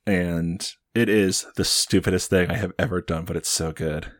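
A man's voice: deep voice, steady tone, normal speed, no room sound, clean studio sound. A young man co-hosting a casual comedy podcast, rambling through a story with many fillers. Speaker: podcast co-host pitching a movie sequel.

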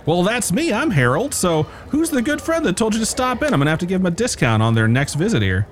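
A man's voice: high voice, sing-song, fast, voice pushed up. Man doing a cheerful portly innkeeper in a raised voice. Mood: eager. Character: cheerful portly male innkeeper, middle-aged.

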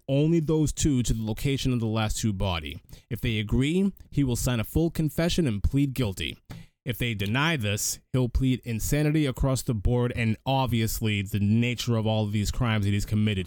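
Male podcast host, animated recap delivery, dry close-miked sound. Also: medium pitch, normal speed, no room sound. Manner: animated storyteller, frequent restarts. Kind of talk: casual film recap chat.

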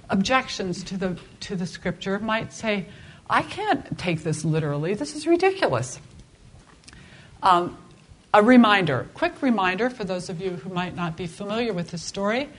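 A woman teaching a Bible class in a conversational, expressive way, often restarting her sentences. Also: mid-range voice. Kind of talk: informal Bible class lecture.

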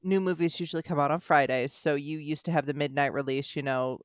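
A young American speaker in their twenties tells stories in casual podcast chat, talking fast and with a lot of energy. They often stumble and restart mid-sentence at a middling pitch. The sound is dry and close, with no room echo. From United States. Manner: quick, animated storytelling with many restarts.

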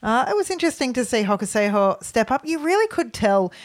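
A woman's voice: fairly high pitch, very animated, fairly quick. Chatty woman co-hosting a sports chat. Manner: chatty, laughs often, trails off with fillers. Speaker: podcast co-host.

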